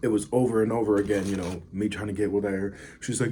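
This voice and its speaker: A man's voice: on the low side, little pitch movement, fast talker, a little mellow, a little hiss or hum. Laid-back man rambling through a food vlog. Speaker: vlogger. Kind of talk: casual story time and food review.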